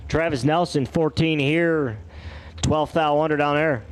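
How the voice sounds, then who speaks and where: A man's voice: on the high side, a little slow, a little hiss or hum. A man calling drag races in a playful, joking way, with sing-song calls of the results. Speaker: drag race announcer. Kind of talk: race commentary.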